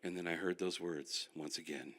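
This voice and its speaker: An older male pastor teaching a finance class, telling animated, self-deprecating stories. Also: sits low, normal speed. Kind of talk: sermon-style finance class.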